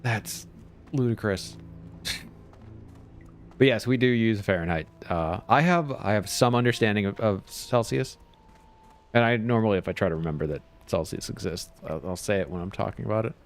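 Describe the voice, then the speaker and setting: A man's voice: on the low side, normal speed, soft background music. A man chatting casually while streaming a game, rambling along and chuckling often. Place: home.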